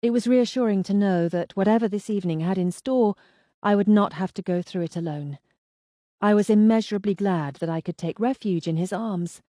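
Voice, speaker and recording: A woman's voice: mid-range voice, fairly quick, dark tone, no room sound, studio quality. Woman reading a first-person mystery novel. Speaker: audiobook narrator.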